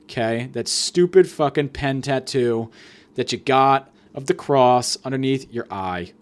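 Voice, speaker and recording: A man hosting a podcast, delivering a profane, sarcastic comedic rant that swings between loud outbursts and mutters. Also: mid-range voice, a little slow. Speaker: podcast host.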